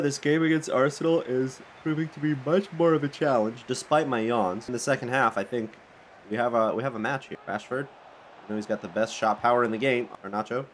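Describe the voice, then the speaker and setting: A man giving live play-by-play commentary on his own football video game, rambling and breaking into sudden excited outbursts. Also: medium pitch, slight background noise. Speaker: gaming channel host.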